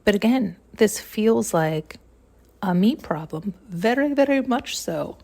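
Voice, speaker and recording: A woman's voice: medium pitch, expressive, slow, gravelly, dark tone. A woman hosting a podcast, thinking aloud in a rambling, searching monologue, restarting her sentences and close to tears at times. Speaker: podcast host. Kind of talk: intuitive musing monologue.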